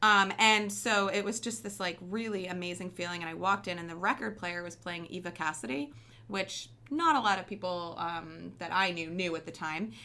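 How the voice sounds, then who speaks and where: A woman's voice: lowish voice, normal speed, bright, forceful tone. A young woman telling stories as an interview guest, chatty, with many ums and likes. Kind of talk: casual storytelling interview.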